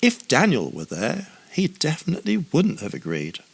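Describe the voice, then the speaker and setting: A man's voice: on the high side, wildly swooping pitch, normal speed, vocal fry, husky. A man narrating a children's story with a playful, wry manner and humorous asides.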